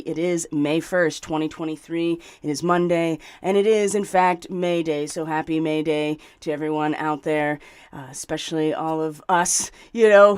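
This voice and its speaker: A woman's voice: on the low side, clean tone. A woman hosting her spiritual astrology channel, talking casually and earnestly, explaining at length with fillers. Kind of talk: casual spoken monologue.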